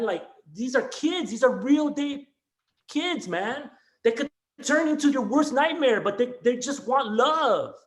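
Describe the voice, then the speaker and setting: Extremely high in pitch, the man's voice rings through an echoey room. He teaches elementary school and is in a class discussion on a video call, emotionally raw, rambling, restarting, and frequently saying "dude" and "man."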